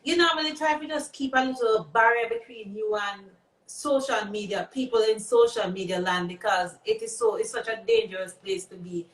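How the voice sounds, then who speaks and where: A woman's voice: on the high side, fairly quick. A woman with a Jamaican accent, hosting a livestream and chatting in an encouraging, reflective way. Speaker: livestream host. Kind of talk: casual chat on a livestream. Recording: echoey, distant mic with faint noise.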